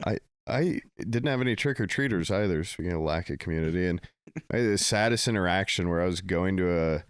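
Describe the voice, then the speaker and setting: A man's voice: sits low, fairly quick, clear, resonant tone, dry recording, clean studio sound. A young adult man chatting casually on a podcast, telling laid-back stories full of swearing and acted-out quotes. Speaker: podcast co-host. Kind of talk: casual chat.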